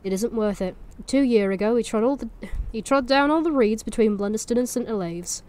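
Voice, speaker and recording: A woman's voice: a little high, fairly quick, darkish tone, close to an everyday voice. A woman voicing an uneasy male farm labourer with a broad Norfolk accent, earnestly warning strangers off.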